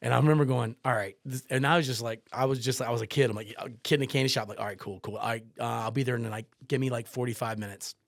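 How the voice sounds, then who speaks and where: A man's voice: mid-range voice, steady tone, fast talker, creaky, few pauses, dry recording, studio quality. A man, a photographer and podcast guest, telling a story casually and animatedly, acting out quotes and swearing freely.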